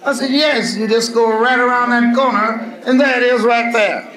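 A man's voice: very high voice, steady tone, normal speed, crowd noise. A man telling live stand-up stories, animatedly acting out both sides of each exchange. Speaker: stand-up comedian. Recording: echoey live club recording.

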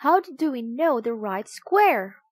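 A woman voicing a doubtful, questioning young boy in a storybook, a bit louder than her narration. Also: on the high side, big pitch swings, takes it slowly, dry recording, studio quality, exaggerated voice. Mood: puzzled. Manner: louder, puzzled.

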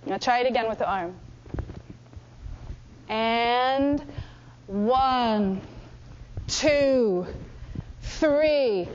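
High-voiced woman coaching a workshop. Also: slight background noise. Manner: energetic, coaching, demonstrates with exaggerated voices. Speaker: workshop instructor. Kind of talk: lively teaching workshop. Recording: dull lo-fi room recording.

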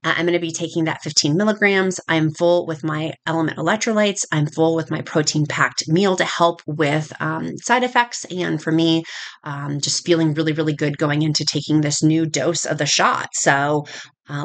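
A woman's voice: low voice, moderate pace. A woman chatting casually with viewers in a home vlog, friendly and talkative. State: nervous, speaking quietly. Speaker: vlogger.

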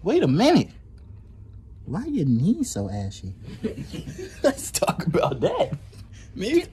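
A man's voice: high voice, huge pitch swings, slow, dark tone, a little hiss or hum. A young man hosting a casual vlog on a phone camera, teasing the people around him and laughing often. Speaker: vlogger host.

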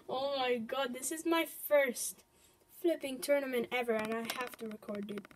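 Nervous high-voiced woman gaming host. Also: unhurried. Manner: nervous, excitable, swings from loud to hushed. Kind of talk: casual gaming commentary.

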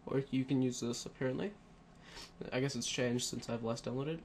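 A man narrates a casual screen-recorded computer tutorial on a headset, rambling with many fillers and self-corrections. His medium-pitched voice has fairly even intonation at a normal speed, over a noisy background.

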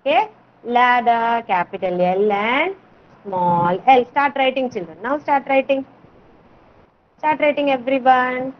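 A woman teaching letter sounds to small children in an online class, slow and coaxing, repeating words for them. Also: a little high. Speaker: kindergarten teacher. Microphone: video call. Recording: dull lo-fi video call audio.

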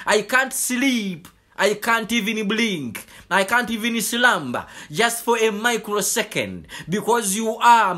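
A tender, loving God, as a preacher puts him on in a sermon speaks reassuring declarations of love. The voice is high and bright, and the lines come slowly and deliberately. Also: male voice, exaggerated voice.

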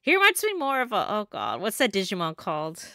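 A woman's voice: medium pitch, wildly swooping pitch, brisk, pushed and bright, dry recording, clean studio sound. A young woman streaming a game and chatting casually, giggling and correcting herself. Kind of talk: casual gameplay commentary.

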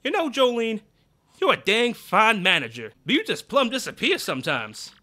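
A man voicing a folksy, loud male boss with a hearty country drawl. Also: sits high, wildly swooping pitch, normal speed, pitched above the performer's own voice, exaggerated voice.

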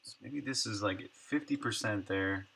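Game dev on a live stream, very bright cutting tone, muttering thoughts aloud as he works. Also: on the low side, moderate pace, vocal fry, breathy edge. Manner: thinks aloud, trailing off and muttering numbers. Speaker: indie game developer streaming his work. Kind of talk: casual livestream chat while working.

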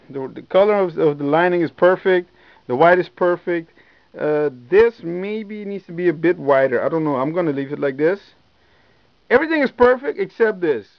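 A young man reviewing sneakers in a casual, excited vlog, swearing often and repeating himself, recorded at home. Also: fairly high pitch, no room sound, dull audio. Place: indoors at home.

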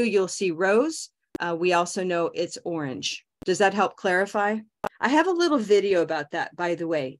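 A woman teaching English pronunciation on a video call, modeling words slowly and repeating them. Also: lowish voice. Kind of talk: online pronunciation lesson.

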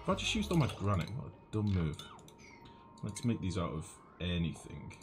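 Low-voiced northern English gamer. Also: male voice, wildly swooping pitch, normal speed, music in the background. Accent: generic northern English. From northwest England. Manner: chatty, rambling, swears casually. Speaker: gaming streamer. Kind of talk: casual gameplay commentary, reading chat.

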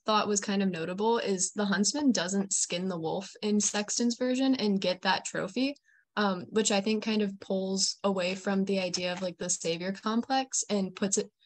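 A woman's voice: mid-range voice, normal speed. A young woman student in a class discussion, giving a thoughtful, analytical reading.

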